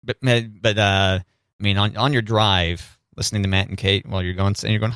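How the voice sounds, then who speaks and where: A man's voice: fairly low pitch, steady tone, a little fast, fairly bright tone, clean tone, no room sound, clean studio sound. A man co-hosting a radio show, bantering casually with joking, rambling asides.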